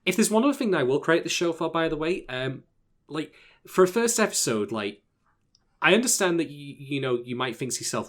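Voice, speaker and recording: A man co-hosting an anime review podcast, talking in an animated, opinionated way with lots of filler words. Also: a little high, a little fast. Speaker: podcast co-host. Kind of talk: casual anime review chat.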